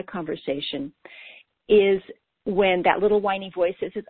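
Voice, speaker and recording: A woman's voice: medium pitch, moderate pace, slightly rough, no echo. A woman coach with ADHD giving an earnest, lightly playful scripted talk about self-talk. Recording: dry, tinny phone-like sound.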